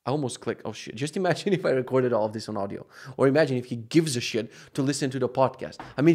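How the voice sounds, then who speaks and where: A man's voice: mid-range voice, quick pace, hardly any pauses, darkish tone. A man hosting his own podcast, talking casually, swearing often and wandering off on tangents. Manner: profane, ranting, wandering off on tangents. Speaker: podcast host. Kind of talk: casual rambling monologue.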